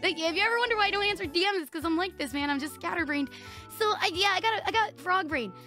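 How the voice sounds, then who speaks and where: A woman streamer telling a story to her chat in a rambling, animated way, laughing often and swearing freely. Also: very high voice, fast talker, faint music behind. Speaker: VTuber streamer.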